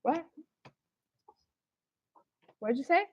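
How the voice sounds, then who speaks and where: A woman's voice: extremely slow, no room sound, muffled recording. A woman defending herself in a heated casual argument over voice chat, swearing constantly and sounding exasperated. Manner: defensive, profane, exasperated ranting. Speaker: livestream participant.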